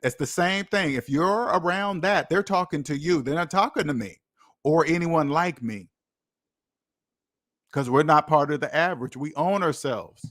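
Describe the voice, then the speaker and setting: A man's voice: a little high, normal speed, fairly bright tone, no echo, studio quality. A man hosting his own channel, giving a repetitive, emphatic casual monologue. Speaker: channel host.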